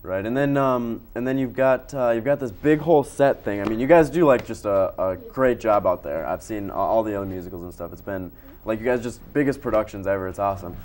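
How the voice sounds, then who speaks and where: A young man hosts a casual student news interview at a quick clip. He jokes around and rambles, filling gaps with ums and likes. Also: fairly low pitch, a little mellow. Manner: joking, quick and rambling with fillers. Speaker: student news show host.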